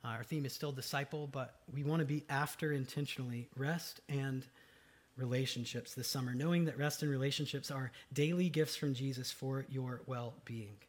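A man preaching a sermon as pastor, conversational and dynamic, swinging between loud emphatic lines and soft, low ones. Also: fairly even intonation, moderate pace. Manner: conversational with fillers and asides.

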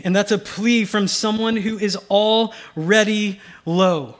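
A pastor preaching a sermon, swinging from loud urgency to a hushed, almost whispered delivery. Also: male voice, sits high, fairly even intonation, unhurried. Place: church sanctuary.

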